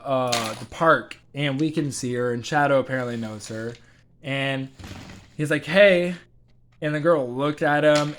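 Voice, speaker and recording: A man's voice: a little high, fairly bright tone, a little hiss or hum. A young man telling a story in a casual, rambling way, full of fillers and restarts.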